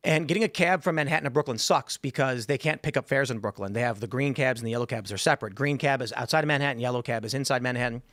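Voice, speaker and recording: A man's voice: mid-range voice, racing, few pauses, a bit bright, no room sound. A male show host chatting in a studio, a rambling storyteller who acts out the voices of people in his stories. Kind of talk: casual studio chat.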